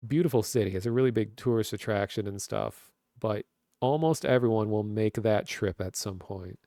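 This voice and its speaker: A man's voice: lowish voice, normal speed, warm tone, no echo, studio quality. A man in his thirties with a Minnesotan accent, chatting casually on a webcam stream and rambling with lots of fillers. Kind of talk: casual chat. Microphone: webcam stream mic.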